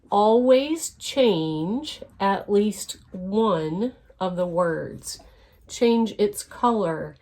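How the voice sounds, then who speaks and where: An older woman teaching a scrapbooking design lesson, explaining each step patiently and pausing with fillers. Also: medium pitch, a little mellow. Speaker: scrapbooking instructor. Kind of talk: instructional lesson.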